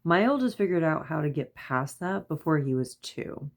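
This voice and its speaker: A woman in her thirties with a notably low voice, chatting at home in a loose, rambling vlog. She laughs often and gets lively when she quotes herself. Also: normal speed. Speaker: mother and vlogger. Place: at home before bed.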